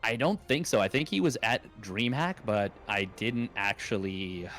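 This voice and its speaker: A man's voice: lowish voice, unhurried, fairly bright tone, faint music behind. A young adult man casting an esports match in a casual, rambling way, with jokes and many fillers. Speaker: esports caster. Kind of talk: casual play-by-play commentary.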